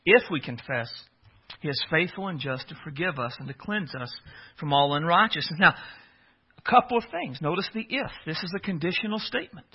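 A man's voice: on the high side, expressive, a little fast, breathy edge. A man preaching a sermon in a conversational, earnest storytelling manner. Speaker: pastor. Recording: dull lo-fi audio.

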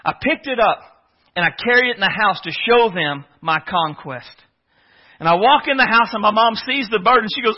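A man's voice: high voice, expressive, moderate pace, breathy edge. A man preaching a sermon in a conversational, earnest storytelling manner. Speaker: pastor. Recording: dull lo-fi audio.

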